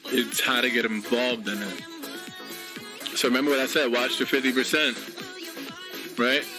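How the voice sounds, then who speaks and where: A man's voice: mid-range voice, normal speed. Chatty streamer man over guitar music. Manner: chatty, laughing, reads viewer comments aloud. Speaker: trading streamer. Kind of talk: casual live-stream chat. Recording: guitar music playing clearly behind.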